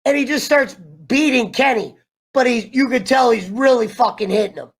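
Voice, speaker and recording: A man casually ranting through a TV show review, animated and profane, wandering off on tangents. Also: very high voice, normal speed. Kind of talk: casual rambling rant.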